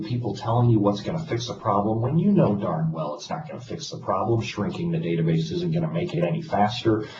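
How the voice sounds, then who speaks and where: A man giving a casual presentation to an audience, telling a self-deprecating story with wry humor. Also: on the low side. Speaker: conference speaker. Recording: echoey hall, distant mic, dull lo-fi, noisy.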